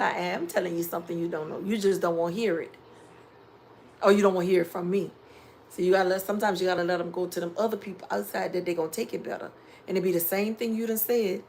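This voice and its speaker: With a voice on the low side and slight background noise, this middle-aged woman, a home DIY vlogger, hosts a casual live stream. She goes through viewers' comments and delivers life advice in an animated, preachy way.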